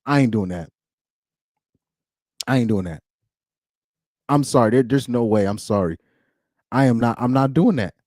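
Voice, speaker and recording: A man's voice: mid-range voice, expressive, moderate pace, pauses often, darkish tone, no room sound, studio quality. A man giving blunt, ranting reaction commentary, laughing often between points. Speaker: commentary streamer.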